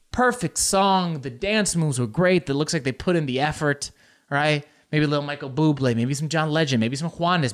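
Male stand-up comic, lively storyteller who swings into outraged squeals; voice on the higher side. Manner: animated, jumps into squeals and mock outrage. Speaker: comedian. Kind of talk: stand-up comedy.

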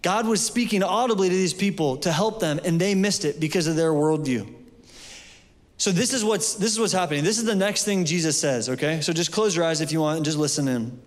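Guy preaching a sermon, pretty high voice, chatty with lots of ums, echoey church hall. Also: fairly quick. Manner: conversational, loose with fillers and restarts.

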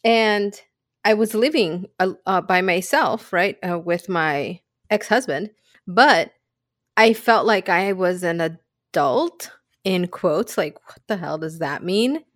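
A woman's voice: fairly low pitch, slow pace, no echo, clean studio sound. Candid, reflective woman podcast co-host. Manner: candid and reflective, shares personal stories. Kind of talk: casual chat.

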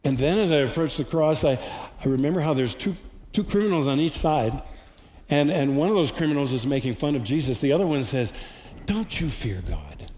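A man giving a sermon as pastor, earnest, with slow emphatic repetitions. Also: on the high side, a little mellow. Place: church hall. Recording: distant reverberant hall recording with faint noise.

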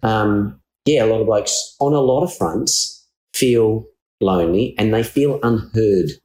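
A deep-voiced Australian man hosts a podcast conversation, speaking earnestly and circling back to rephrase. His voice carries a roomy echo. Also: unhurried, darkish tone, a little hiss or hum. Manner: earnest, searching, many restarts. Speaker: podcast host. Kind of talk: conversational interview.

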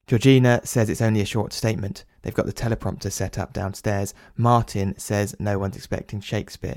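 A man's voice: lowish voice, steady tone, brisk, hardly any pauses, a little mellow, no echo, clean studio sound. A man narrating an audio drama as a wry inner voice, speaking to the listener in second person.

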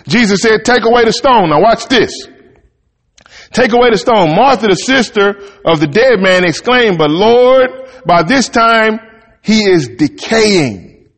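A male preacher works through a scripture passage, reading it out and then stepping aside to explain it in relaxed, homespun talk. His voice sits high, and the room carries a long, ringing reverb. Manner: conversational, reads verses then riffs in folksy Southern-style talk.

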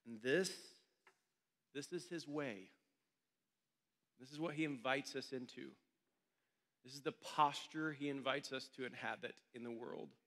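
A man's voice: mid-range voice, a little slow, pauses often, bright, forceful tone, big-room sound. A male pastor telling a story during a sermon in a church meeting room, in a loose, conversational way.

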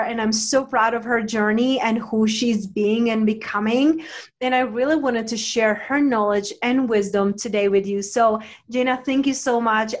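A woman hosting a wellness conversation at home, effusive and gushing, with a phrasing. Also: on the high side. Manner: warm enthusiastic, slows to soothing guided relaxation. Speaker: podcast host. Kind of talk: casual interview with guided meditation.

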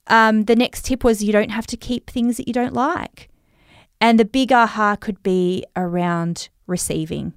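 A woman's voice: on the high side, normal speed, smooth, dry recording, studio quality. A woman with an Australian accent hosting a podcast, giving encouraging coaching tips and affirmations in a casual chatty way. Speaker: podcast host.

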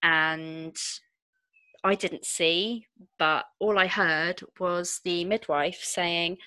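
A woman tells a personal story candidly and expressively. Her voice sits a little low yet sounds crisp and bright. The recording is close and dry. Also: no echo. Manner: frank, expressive, quick asides. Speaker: podcast guest, entrepreneur.

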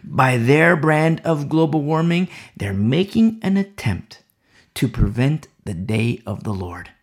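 A man preaching a sermon with fervent, dramatic delivery that swings from loud declarations to hushed whispers. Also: fairly high pitch, big pitch swings, slow.

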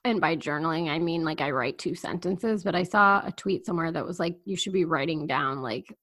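A middle-aged woman co-hosting a podcast in casual chat, animated and rambling, laughing often. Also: sits low, fairly quick. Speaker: podcast co-host.

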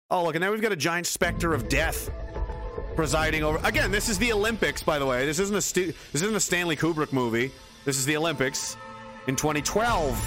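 A man giving a casual, sarcastic running commentary on footage, incredulous and swearing often. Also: medium pitch.

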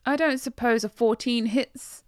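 A woman's voice: a little high, fairly even intonation, measured pace, darkish tone, no room sound, studio quality. A woman playing in a tabletop game, chatty, swearing when rolls go badly. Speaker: player. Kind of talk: casual tabletop play.

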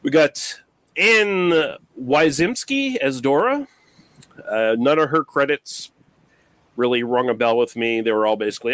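A man in a mid-range voice hosts a relaxed podcast about old movies. He talks casually and loosely, often pausing on fillers and drifting off at the ends of his thoughts. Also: medium pitch, no echo. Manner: loose and rambling, with many fillers and trailing remarks. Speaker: podcast co-host. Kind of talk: casual movie review chat.

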